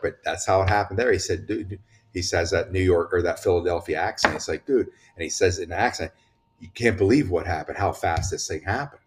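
A man talking in an impassioned, preachy way, issuing urgent warnings as a commentator. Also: low voice. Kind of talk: impassioned political talk.

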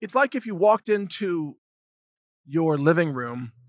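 A man delivers a solo commentary rant into a close, dry mic, his voice sitting a bit higher than most men's. He sounds indignant and sarcastic, and he keeps acting out mocking imagined conversations to make his point. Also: lively intonation, a little slow, dry recording. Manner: indignant, sarcastic, acts out mocking hypothetical dialogues. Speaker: commentary podcast host.

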